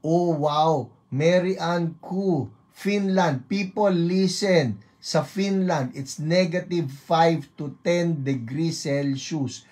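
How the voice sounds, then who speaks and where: A woman's voice: sits low, takes it slowly, hardly any pauses, darkish tone. A woman with a Filipino accent hosting an online church program. She reads out viewers' greetings in a chatty, playful way, mixing English and Tagalog and trying out foreign greetings. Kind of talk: reading out viewer greetings, Taglish chat.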